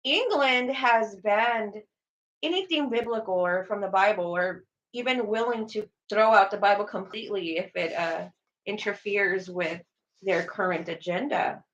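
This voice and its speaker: Speaking a little slowly in a mid-range, fairly bright voice, this woman co-hosts a casual religious talk show. She's a chatty storyteller who acts out quoted voices, and the sound is lo-fi.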